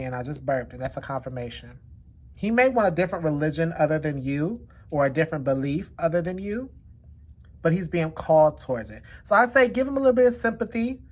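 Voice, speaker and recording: A woman's voice: low voice, darkish tone, breathy edge. A woman hosting a casual card reading, chatty and leaning on the word "definitely" again and again. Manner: chatty, repeats "definitely" often. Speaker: tarot card reader.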